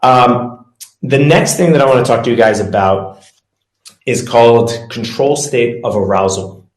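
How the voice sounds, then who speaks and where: A man's voice: medium pitch, measured pace. A man giving a casual presentation as a performance coach, talking loosely with self-corrections and leading breathing exercises. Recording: echoey room.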